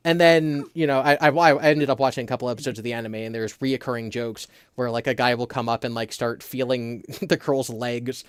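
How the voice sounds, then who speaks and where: A man hosting a casual livestream, telling a story with animated energy and quick put-on voices. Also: mid-range voice, clear, resonant tone, dry recording, studio quality. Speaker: host.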